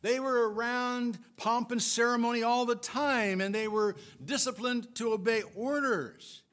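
A man preaching a sermon, retelling scripture with expressive, emphatic storytelling. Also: extremely high pitch, a little slow. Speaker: pastor.

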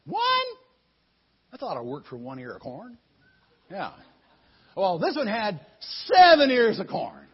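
A man telling a Bible story in an animated way, often repeating words as he goes. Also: sits high, moderate pace, slightly rough. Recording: dull lo-fi recording.

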